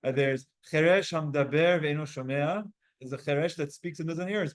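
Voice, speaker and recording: Energetic man teaching a Talmud class. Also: a little high. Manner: energetic, quick, asks the class questions.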